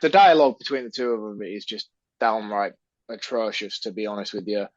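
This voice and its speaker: A man's voice: lowish voice, brisk, no room sound. A man co-hosting a podcast, talking earnestly and thoughtfully in casual chat. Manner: earnest, thoughtful, talks with restarts and repeats. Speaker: podcast co-host. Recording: dry, dull lo-fi sound.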